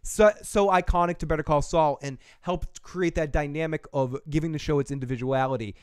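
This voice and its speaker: A man hosting a podcast review livestream, rambling and excitable, swearing casually and answering chat comments. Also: fairly high pitch, fairly quick, clear, resonant tone, no room sound, clean studio sound. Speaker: podcast host reviewing a TV episode.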